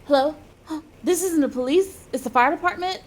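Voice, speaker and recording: A woman's voice: sits high, normal speed, pitched above the performer's own voice, lightly acted. A woman voicing a frantic teenage girl calling for help in an anxious, urgent, raised voice.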